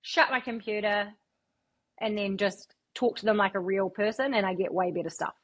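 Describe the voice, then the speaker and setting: A woman's voice: medium pitch, steady tone, moderate pace, breathy edge, dull audio. A woman, a radio broadcaster telling stories as a guest in a casual interview, swearing freely. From New Zealand. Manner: chatty storyteller, swears freely.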